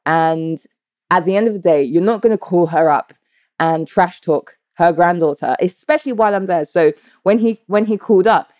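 A woman in her thirties, speaking to her viewers in a fairly low voice. The sound is dry and close, with no room around it. She tells her story bluntly and with lots of swearing. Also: moderate pace, dry recording. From United Kingdom. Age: 30s. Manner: animated, blunt and profane, addresses viewers directly. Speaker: vlogger. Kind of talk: candid personal storytelling.

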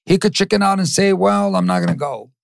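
A middle-aged man from East LA with a high, gravelly voice gives an animated motivational talk as a podcast guest. He acts out the people in his stories and slips Spanish phrases in. The sound is close and dry. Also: brisk, no room sound. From East Los Angeles.

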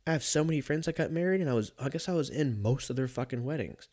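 A man's voice: medium pitch, lively intonation, quick pace, darkish tone. Profane, rambling young man chatting solo. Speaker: podcast host. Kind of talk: casual solo chat.

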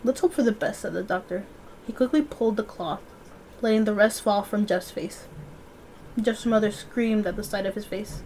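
A woman's voice: medium pitch, fairly even intonation, moderate pace, a little mellow, slight background noise. A young woman reading a horror story aloud and breaking off to chat and joke with a friend. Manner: chatty, laughs and jokes between reading. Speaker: podcast co-host and reader.

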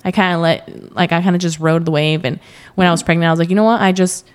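A young woman talks casually as a podcast guest, telling her story with plenty of quoted asides and easy laughter. Her voice sits a little low for a woman. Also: fairly even intonation, fast talker, clean tone. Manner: chatty storytelling, quotes herself, laughs often. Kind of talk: casual interview chat.

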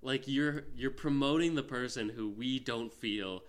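A man's voice: mid-range voice, measured pace. Rambling male podcast co-host. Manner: rambling, full of "like" and restarts. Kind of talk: casual film-review chat.

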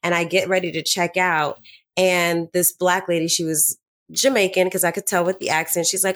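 A young woman co-hosting a podcast, telling a story with animated quoted dialogue in casual chat. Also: lowish voice, normal speed. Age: young adult. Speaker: podcast co-host.

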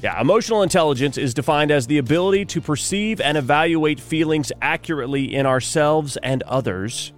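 A man's voice: on the high side, lively intonation, brisk, few pauses, soft background music. Wry man hosting a morning show. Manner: chatty, wry, reads news items with asides. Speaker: radio morning show host. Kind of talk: solo talk radio monologue.

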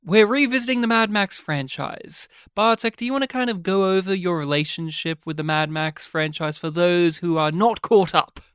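A man hosting a podcast, joking and playful, his voice getting croaky. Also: high-pitched, moderate pace, few pauses, fairly bright tone, no echo, clean studio sound. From Australia. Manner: joking, playful, self-deprecating. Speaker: podcast host. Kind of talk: casual chat.

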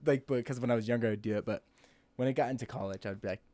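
A young man in his twenties chatting casually, full of fillers and quick to chime in. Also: medium pitch, steady tone, mellow, no room sound. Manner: fast, filler-heavy, chiming in. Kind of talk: casual chat.

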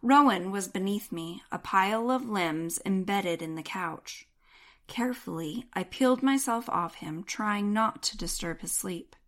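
A woman reading a first-person novel aloud in an even, measured way. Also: mid-range voice. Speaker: audiobook narrator. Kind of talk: first-person audiobook narration.

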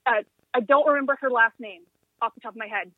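A woman's voice: on the high side, fast talker, no room sound. A woman co-hosting a podcast in casual chat, gushing enthusiastically as she tells stories. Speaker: podcast co-host. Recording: tinny phone-like line, dry.

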